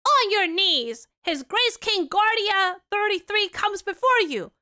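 A woman's voice: very high-pitched, lively intonation, unhurried, sharp tone, full character voice. A woman voicing a pompous, scheming royal chancellor who speaks sternly.

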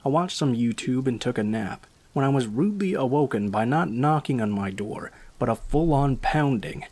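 A man's voice: medium pitch, animated, normal speed, a little mellow. Man reading a first-person horror story. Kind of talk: scripted horror story narration.

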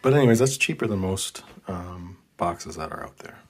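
A paranormal investigator who builds and sells spirit boxes hosts a casual vlog that includes a spirit box session. He talks at normal speed in a low-pitched voice, rambling and often hesitant, with many restarts and excited laughs. Music plays loudly in the background, and there's a little hiss or hum.

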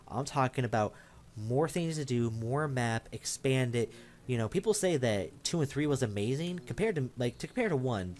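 A young man chats loosely over his gameplay, rambling from thought to thought with crude jokes. Game music plays faintly underneath his mid-pitched voice. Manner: rambling, crude, joking, mimics game lines. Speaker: let's play gamer. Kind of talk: casual gameplay commentary. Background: game audio and music.

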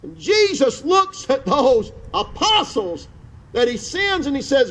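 A man's voice: very high-pitched, very animated, slow pace, a bit bright. A male pastor preaching outdoors with fervor, repeating phrases and restarting words as he goes. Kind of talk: outdoor sermon. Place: outdoor church service.

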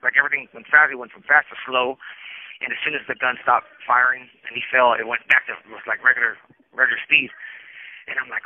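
A man's voice: medium pitch, steady tone, quick pace. A man in prison telling his own story over the phone, rambling and restarting often, acting out what people said. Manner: rambling, restarts often, acts out quoted lines. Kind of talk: candid first-person storytelling over the phone. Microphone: telephone. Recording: tinny prison phone line.

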